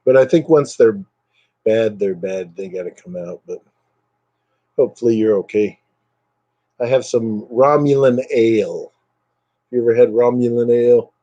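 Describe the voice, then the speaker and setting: A man chats casually with his livestream viewers in a warm, mellow voice, slightly fried and low on energy. He rambles from comment to comment. His webcam mic sounds dry and close. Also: measured pace, pauses often, no echo. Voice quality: voice a bit fried. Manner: rambling and chatty, reading out viewer comments, drifting into brief impressions. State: low energy, recovering from illness. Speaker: livestream host chatting with viewers. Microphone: computer webcam mic.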